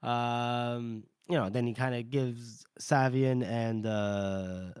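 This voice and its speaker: Steady, clean-toned and a little mellow at a medium pitch, a male podcast co-host casually recaps a novel, chapter by chapter. He slips into quick put-on character lines and laughs often while retelling scenes. Clean studio sound with no room noise.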